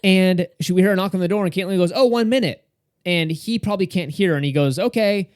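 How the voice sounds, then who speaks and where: Talking fast, an animated young podcast co-host tells stories in casual chat and acts out quoted dialogue. His high-pitched voice is smooth, captured at studio quality with no room sound.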